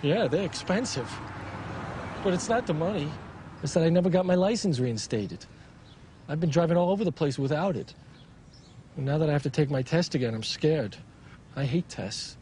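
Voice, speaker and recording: A nervous, lonely middle-aged man played by an actor pleads for company in a 1990s TV sitcom. His voice sits a little high but sounds dark and mellow. He talks in an anxious, fretful way. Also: animated, moderate pace, pauses often, slight background noise, natural voice. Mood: anxious, pleading. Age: 40s.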